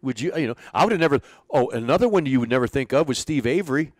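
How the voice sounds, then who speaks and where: An older man, a retired pitching coach, telling rambling, chuckling anecdotes in a casual interview. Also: animated, fast, dry recording, studio quality. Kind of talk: casual storytelling.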